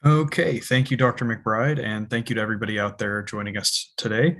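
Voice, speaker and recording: A man's voice: on the low side, steady tone, fairly quick, fairly bright tone. A young man, a student host, introducing the speaker of an online physics talk with occasional "um"s. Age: young adult.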